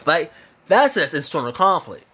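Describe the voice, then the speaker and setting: A man's voice: fairly high pitch, very animated, moderate pace, pushed and bright. An American man delivering an impassioned opinion monologue, emphatic and repetitive, hammering his points with repeated phrases and swearing. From United States. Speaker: vlogger sharing opinions.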